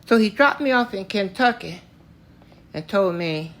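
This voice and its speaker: An older man from Tennessee, slowly and plainly recounting a story from his own life. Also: high-pitched, animated, a bit bright. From Tennessee, US South. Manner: slow, plainspoken, matter-of-fact telling. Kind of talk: spoken personal story.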